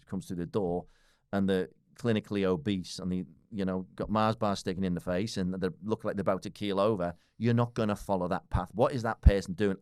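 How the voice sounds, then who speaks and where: A man's voice: deep voice, darkish tone, smooth, dry recording, studio quality. A man in his forties with a British accent, talking bluntly as a podcast guest, swearing freely and laughing often. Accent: British English. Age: 40s. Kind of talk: casual podcast conversation.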